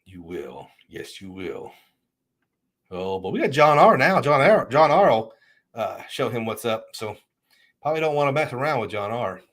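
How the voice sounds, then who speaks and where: A middle-aged man in an easygoing livestream chat with a voice of ordinary pitch. He rambles through viewer comments and often restarts his sentences. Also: big pitch swings, normal speed, fairly bright tone. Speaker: livestream host.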